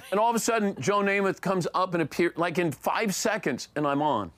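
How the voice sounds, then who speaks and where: A middle-aged man telling an animated story as a sportscaster guest on a casual talk show. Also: high voice, fairly quick, few pauses. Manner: animated storyteller acting out quotes.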